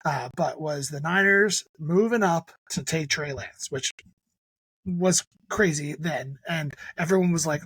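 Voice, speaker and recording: Husky high-voiced podcast guy. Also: unhurried, dry recording. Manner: animated, jokey wrestling fan talk. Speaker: podcast co-host. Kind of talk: casual chat.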